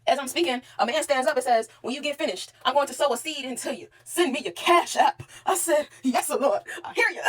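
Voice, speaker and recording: A young woman, telling her life story to camera in a casual, profane and animated way. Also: on the high side. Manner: animated, profane, talks straight to the viewer.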